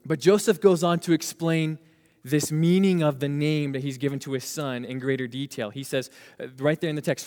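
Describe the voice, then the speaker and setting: A man preaching a sermon, leading the congregation in call-and-response and slowing down to stress key phrases. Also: a little high, darkish tone. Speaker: pastor. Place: church sanctuary. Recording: reverberant hall.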